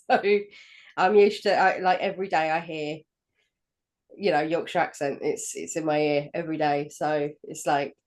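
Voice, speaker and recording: A man's voice: a little high, steady tone, unhurried. A man from southern England co-hosting a podcast, chatting casually and joking at his own expense. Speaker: podcast co-host. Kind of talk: casual chat.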